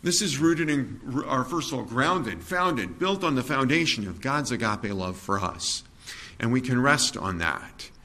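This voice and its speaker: A man preaching a sermon in a conversational, digressive way, with fillers, self-corrections and soft chuckles at his own asides. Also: medium pitch, lively intonation, a little slow.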